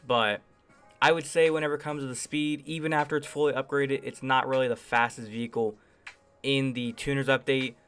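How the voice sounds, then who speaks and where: A man's voice: medium pitch, steady tone, fairly quick, fairly bright tone, faint music behind. A man hosting a gaming channel, casually rambling through enthusiastic game reviews and hedging often with phrases like "I would say.". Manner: enthusiastic, chatty. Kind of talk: casual gameplay review commentary.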